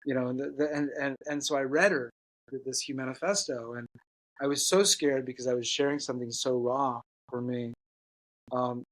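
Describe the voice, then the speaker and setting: A man telling an earnest personal story as a guest, halting, with many restarts and fillers. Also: mid-range voice, dry recording, low-quality recording.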